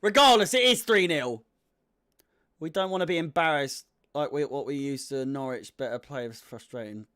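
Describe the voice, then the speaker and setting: A man's voice: medium pitch, moderate pace, fairly bright tone. A young man giving casual live commentary on a football match as a fan, swearing freely and sounding exasperated.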